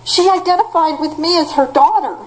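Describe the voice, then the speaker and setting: A woman's voice: extremely high pitch, a little fast, low-quality recording. A middle-aged woman telling a rambling personal story and pleading for help in a private conversation. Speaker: caller asking for help.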